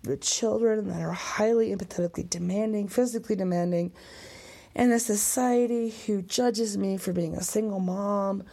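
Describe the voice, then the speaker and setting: A woman venting on her own podcast in a rambling, emotional rant. Her voice is gravelly and husky with a dark, mellow tone. She swears and slips into whispered asides, a little tipsy after a couple of drinks. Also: medium pitch, moderate pace. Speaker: podcast host.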